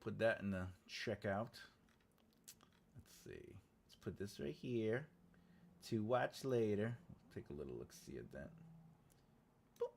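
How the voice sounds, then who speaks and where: A man's voice: lowish voice, lively intonation, measured pace, vocal fry, long pauses, darkish tone, a little hiss or hum. A man from the United States hosting his channel as an author, rambling casually and repeating his phrases as he talks to viewers. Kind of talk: casual livestream chat.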